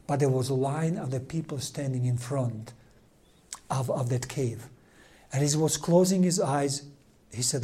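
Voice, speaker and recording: Male preacher, warm low timbre, storytelling sermon with slow emphatic phrasing and hushed drops. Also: breathy edge.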